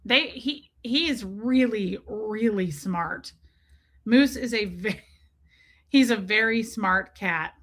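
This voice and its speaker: A woman's voice: medium pitch, slow, fairly bright tone. A woman chatting casually on a live stream, talking with viewers about her pets, swearing freely and sometimes putting on silly voices for her cats.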